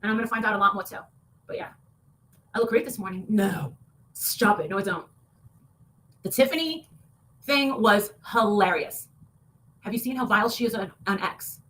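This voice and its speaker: A woman talking in a heated, casual rant, swearing often and breaking into loud outbursts. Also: medium pitch, normal speed, pauses often, slight background noise. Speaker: online show guest.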